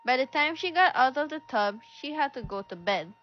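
A woman's voice: high-pitched, animated, moderate pace. A woman reading a children's story aloud, shifting her voice a little for each character. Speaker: storybook reader. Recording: dull lo-fi recording with faint music.

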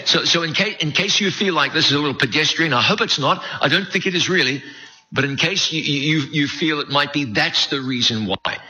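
Bright-voiced man with a faded Kiwi accent. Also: on the high side, fairly quick. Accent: faded New Zealand. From New Zealand. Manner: folksy, joking and self-deprecating, with frequent restarts. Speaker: preacher leading a Bible study series. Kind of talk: conversational sermon. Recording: dull lo-fi recording.

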